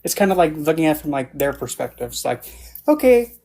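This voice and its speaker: A man's voice: fairly high pitch, fast talker, gravelly, a little mellow. Man, guest author, casual livestream chat, meandering storyteller who loses and finds his thread. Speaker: book club guest and author.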